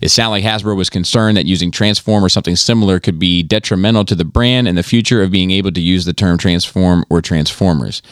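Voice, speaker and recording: Low-voiced dude reading listener mail on his podcast, chill, swears a lot, super dry close mic. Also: quick pace, few pauses, no echo. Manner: laid-back, swears freely, laughs often. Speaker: podcast host. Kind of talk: casual podcast chat, reading listener emails aloud.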